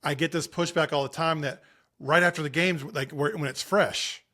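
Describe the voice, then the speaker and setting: A man's voice: on the high side, steady tone, normal speed, bright, forceful tone. A man in his late thirties, a podcast guest on sports parenting, telling stories and giving advice in an earnest, emphatic way with frequent restarts. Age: 30s. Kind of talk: conversational interview.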